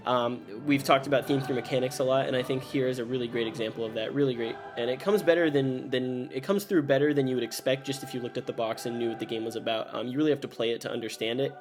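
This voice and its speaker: A man's voice: mid-range voice, steady tone, quick pace, hardly any pauses. A man co-hosting a board game review show in casual chat, thoughtful and hedging as he searches for words.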